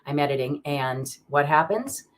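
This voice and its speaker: A woman hosts a live card-reading stream in a low, expressive voice at a measured pace, with slight background noise. She chats rambly, with plenty of fillers and restarts, greeting viewers by name.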